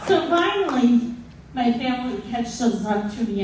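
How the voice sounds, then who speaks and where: Woman, 60s, live storyteller; slightly high voice, unhurried comic delivery, distant miked in a reverberant room. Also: lively intonation, a little mellow, a little hiss or hum. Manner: slow, comic, with dramatic pauses. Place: stage at a live story slam. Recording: very echoey hall, distant mic.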